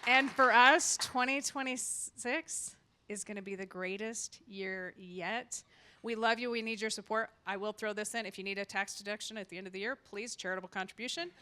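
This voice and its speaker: A woman's voice: mid-range voice, moderate pace, a little hiss or hum. A woman hosting a live community event, speaking in a heartfelt way and telling stories. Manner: warm, heartfelt, repeats her motto. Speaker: event host, nonprofit founder. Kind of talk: emotional live event speech. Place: event hall with audience.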